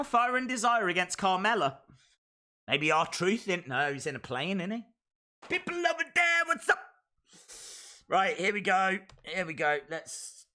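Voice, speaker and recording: Brief: man live-streaming reactions, energetic shouts, bright and forceful tone. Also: high-pitched. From England. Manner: excitable, bursts into shouting. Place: outdoors in a field.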